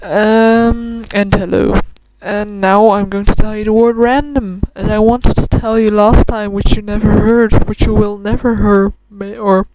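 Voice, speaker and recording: A native Dutch-speaking woman with a cold, a club member who vlogs, rambles casually while attempting a Scottish accent, correcting herself often and using many fillers. Her medium-pitched voice is flat and a little mellow, at a measured pace with hardly any pauses, in a rough recording with slight background noise.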